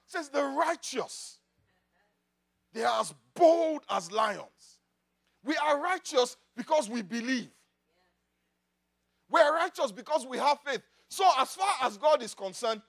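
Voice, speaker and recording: High-voiced, lively male preacher. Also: normal speed. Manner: preaching with swings from loud declarations to quiet asides. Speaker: pastor. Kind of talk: sermon. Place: church.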